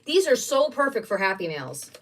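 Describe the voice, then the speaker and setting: A middle-aged woman hosting a craft livestream, chatting in a rambling, excitable way while she unpacks supplies at home. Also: mid-range voice, normal speed, far from the mic. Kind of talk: casual chat while unboxing craft supplies.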